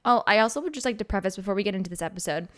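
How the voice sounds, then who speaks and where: A woman in her twenties hosting a casual podcast chat, playful and giggly, talking in quick bursts. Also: medium pitch, expressive, a bit bright. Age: 20s. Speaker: podcast host.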